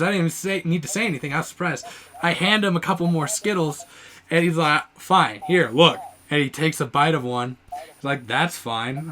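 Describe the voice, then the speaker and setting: A young man with a high, bright voice hosts a casual podcast chat. He tells stories with lots of energy, acts out the quotes loudly and laughs often. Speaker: podcast host.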